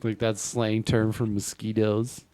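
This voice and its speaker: Slow, rambling male podcast guest. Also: lowish voice, little pitch movement, warm tone, smooth, no echo. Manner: rambling, halting, full of fillers. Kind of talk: casual chat.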